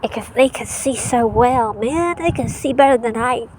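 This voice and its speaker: Excitable woman vlogging on a windy beach. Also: on the high side, normal speed. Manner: excitable, gushing exclamations. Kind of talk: casual vlog commentary. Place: outdoors on a cold, windy beach. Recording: loud wind noise outdoors.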